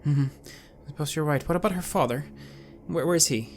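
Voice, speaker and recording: A man's voice: a little high, brisk, slight background noise. A man playing his character in a tabletop game, talking hesitantly with stammers and restarts. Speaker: player.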